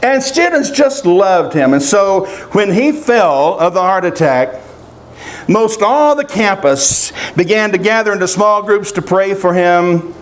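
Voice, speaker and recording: An older man preaching a sermon, telling personal stories of loss in a halting, emotional way with long pauses. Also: sits high, animated. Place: outdoor family encampment gathering.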